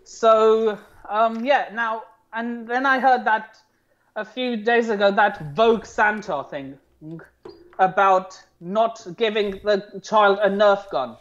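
A man from the UK co-hosting a casual political chat, talking in an animated, sarcastic way. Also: high voice, takes it slowly. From United Kingdom. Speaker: co-host. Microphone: headphones and desk mic. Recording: dull lo-fi sound.

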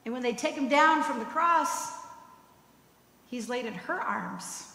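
High bright woman preaching in echoey hall. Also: animated, measured pace, creaky. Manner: storytelling, tagging points with "right?". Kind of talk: sermon. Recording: echoey hall with long reverb.

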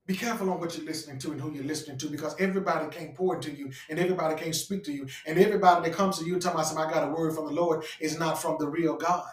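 A man's voice: on the high side, steady tone. Fiery man preaching, far from the mic. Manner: call-and-response preaching, stretches key phrases slowly. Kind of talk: sermon. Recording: roomy sound, voice off-mic.

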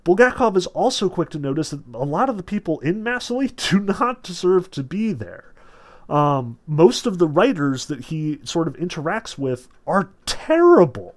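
A man's voice: on the high side, sing-song, moderate pace. A man giving a casual literature lecture in a loose, chatty way, full of "like" and "um". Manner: loose, filler-heavy, lots of "like" and "um".

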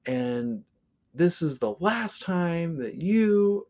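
A man voicing a combative barefoot man on a crutch who rants and yells. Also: a little high, lively intonation, very slow, voice pushed up. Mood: raging. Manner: yelling, ranting tirade.

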